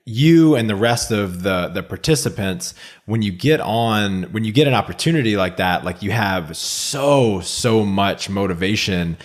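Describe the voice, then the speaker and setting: Low-voiced man, halting podcast host. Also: lively intonation. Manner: halting, stumbles and restarts words. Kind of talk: casual interview questions.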